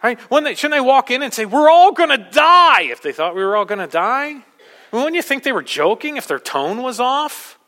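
High, bright-voiced preacher in a reverberant hall. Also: male voice, very animated, normal speed. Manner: preaching with urgent emphasis, swinging from soft to loud. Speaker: pastor. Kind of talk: sermon. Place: church.

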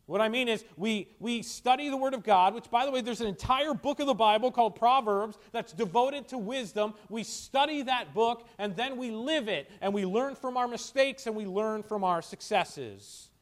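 A pastor preaching a sermon, teaching from scripture with rhetorical questions and swings between emphatic stresses and quiet asides. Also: male voice, high-pitched.

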